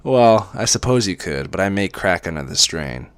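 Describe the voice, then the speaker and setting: A man playing a soft, menacing, controlling young man. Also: low-pitched, expressive, normal speed, clean tone, no echo. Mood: commanding.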